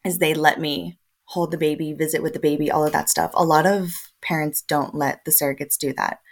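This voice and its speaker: Woman, 20s, from El Paso; low-ish voice, casual, animated, laughs a lot while recounting. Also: brisk. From El Paso, Texas. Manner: lively, often laughing, acts out quoted dialogue. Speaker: podcast guest. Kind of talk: casual conversational storytelling.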